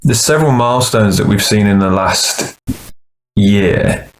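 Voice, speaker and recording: A man's voice: fairly low pitch, measured pace, background noise. A man, a band's singer and songwriter, talking earnestly in a casual interview and restarting his sentences often. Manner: earnest, rambling with many restarts.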